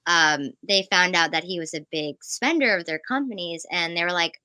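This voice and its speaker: Excitable rambling woman, bright and dry. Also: lowish voice, fairly quick, no room sound. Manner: excitable, rambling, jumps between thoughts. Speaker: podcast co-host. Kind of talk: casual fan chat.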